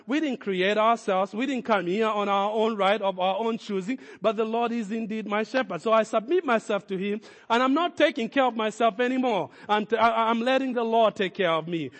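High-voiced preaching man, echoing hall. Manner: emphatic preaching with repeated declarations. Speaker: pastor. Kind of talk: sermon.

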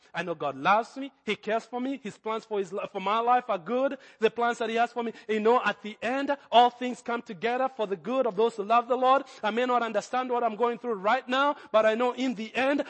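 A man's voice: very high-pitched, fairly bright tone, big-room sound. A man with a Kenyan accent preaching a sermon as pastor, with hesitant fillers that build to fervent emphasis.

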